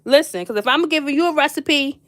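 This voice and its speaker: A woman with a slightly high voice, chatting casually on a live stream. She talks with lively emphasis, leans hard on her points, and answers viewers by name as if they were friends across the table. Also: fairly quick. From Philadelphia. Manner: animated and emphatic, repeats points for effect. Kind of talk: casual chat reading viewer comments.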